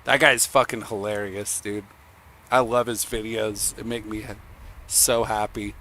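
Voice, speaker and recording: A young man streams and chats in a rambling, crude, joking way. He talks slowly, and his voice has a bright, tense edge. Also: on the low side, flat delivery. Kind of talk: casual chat.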